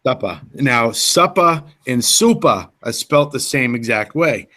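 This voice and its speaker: A man from the northern US co-hosting a casual radio chat, full of excitable, laughing banter. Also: mid-range voice, unhurried. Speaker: co-host.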